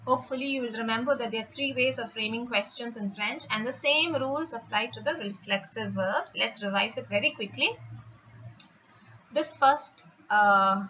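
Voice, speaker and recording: A woman's voice: fairly high pitch, moderate pace, bright, forceful tone. A woman French teacher giving a recorded lecture over slides, patiently explaining and checking in with her students. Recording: slightly muffled with faint noise.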